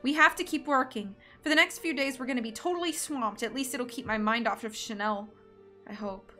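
A woman reading aloud, voicing an emotional young fashion designer who turns shrill when upset. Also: fairly quick, sharp tone, soft background music. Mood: despairing. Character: frantic young woman fashion designer, grieving, quick-tempered.

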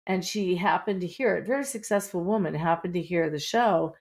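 A woman's voice: fairly low pitch, brisk. A middle-aged woman with a Pittsburgh accent, an author talking candidly in a podcast interview, full of "you know" fillers. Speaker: author guest.

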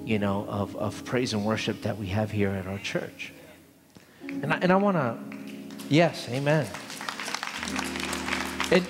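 Man preaching a sermon in a reverberant church. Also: mid-range voice. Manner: conversational, repeats phrases, builds to emphatic call-and-response. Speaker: pastor. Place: church sanctuary. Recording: church sanctuary with long reverb and live music. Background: instrumental music.

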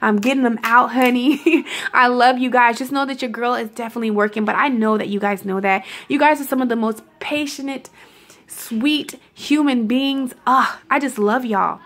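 High-voiced affectionate woman vlogger. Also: moderate pace, fairly bright tone. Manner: affectionate, calls viewers honey and love muffin, laughs often. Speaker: self-love vlogger. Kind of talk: casual motivational talk to camera.

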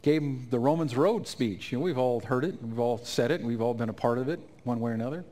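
A man telling an emotional personal testimony in a sermon at a conference, his voice climbing high and loud at the peaks. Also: quick pace. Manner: emotional storytelling, rising to near-shouts at climaxes. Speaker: conference speaker. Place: conference stage.

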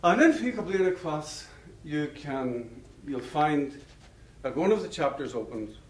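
A man's voice: a little high, lively intonation, unhurried. A man giving a public lecture, telling stories in a discursive, anecdotal way and chuckling at his own tales. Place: lecture hall. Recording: roomy hall, mic far off.

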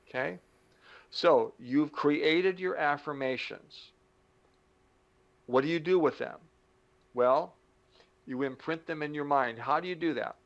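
A middle-aged man giving a motivational talk, animated, acting out little dialogues and slowing down to stress key points. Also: medium pitch, gravelly, muffled recording. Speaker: motivational speaker.

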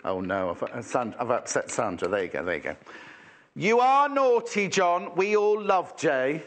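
A man hosts a live shopping show, talking chattily and teasing his colleagues. His voice sits fairly high and swings widely in pitch. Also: big pitch swings, normal speed, fairly bright tone. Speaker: shopping TV presenter. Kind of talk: live shopping channel chat.

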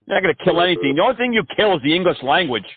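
Male prank caller, sarcastic, slightly high voice, tinny phone audio. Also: lively intonation, very fast, a little hiss or hum. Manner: mocking, sarcastic.

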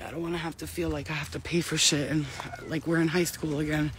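A woman's voice: low voice, little pitch movement, fast, slight background noise. Blunt, profane New woman vlogging. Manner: blunt, profane, laughing often. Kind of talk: casual chat. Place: outdoors walking a dog.

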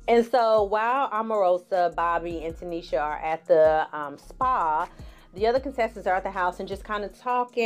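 Sassy, animated woman in her forties. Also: medium pitch. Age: 40s. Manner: sassy and animated, calls viewers honey, laughs often. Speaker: online TV reviewer. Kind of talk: casual reality show recap.

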